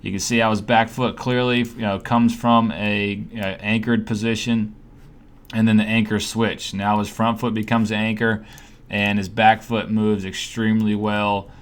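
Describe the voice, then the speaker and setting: A man's voice: fairly low pitch, little pitch movement, moderate pace. A young man coaching hitting in a casual voice-over, talking through a swing breakdown with lots of fillers and restarts. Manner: conversational, many fillers and restarts.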